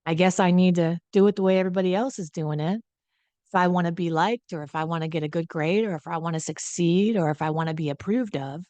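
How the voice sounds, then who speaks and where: A woman voicing an eager ten-year-old boy who loves art, gushing excitedly about his drawings. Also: on the low side, fast talker, no room sound, natural voice. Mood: doubtful.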